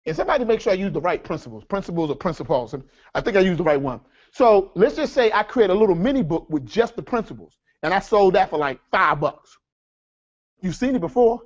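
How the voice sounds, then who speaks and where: Man, high voice, lively seminar presenter, dull lo-fi room sound. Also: fairly quick. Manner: energetic, addresses audience as folks, asks rhetorical questions. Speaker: seminar speaker. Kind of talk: live workshop teaching.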